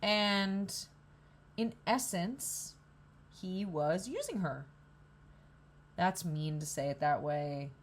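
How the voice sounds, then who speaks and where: Hungover at a coffee shop, a young female vlogger rambles on camera, candid, profane and self-deprecating. Her voice is fairly low, and she talks slowly with frequent pauses.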